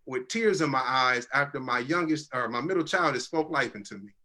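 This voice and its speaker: A man in his thirties recounts a personal turning point in an earnest, conversational way. His voice is bright and forward, and he keeps slipping into the voices of the people in his story. He sounds teary-eyed and moved. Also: medium pitch, animated, brisk. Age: 30s. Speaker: guest telling his life story.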